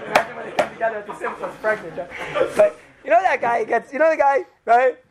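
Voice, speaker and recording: A man giving an informal religious talk to a group, telling a rambling, animated story full of "right?" asides. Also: very high voice, quick pace. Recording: noisy background hiss.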